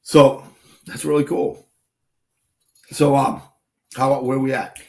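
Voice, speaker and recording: A man's voice: mid-range voice, level tone, slow, darkish tone. A man hosting a casual livestream as a shooting instructor, blunt and swearing freely as he tells stories. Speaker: shooting instructor and stream host.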